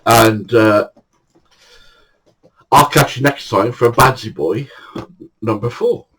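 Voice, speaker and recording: A man's voice: mid-range voice, slow pace, a bit bright, slightly rough, low-quality recording. An older man telling true stories in a chatty way, often breaking into laughter. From England. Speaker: storyteller. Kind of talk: casual anecdote telling.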